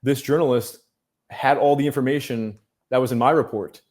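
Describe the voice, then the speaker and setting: A man's voice: medium pitch, steady tone, normal speed, a little mellow. A man, a guest journalist in a casual podcast interview, telling a long story with many "um"s and restarts.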